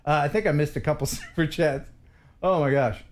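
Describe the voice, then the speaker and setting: An American man hosting a casual live stream, playful and quick to laugh as he reads viewer messages. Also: a little high.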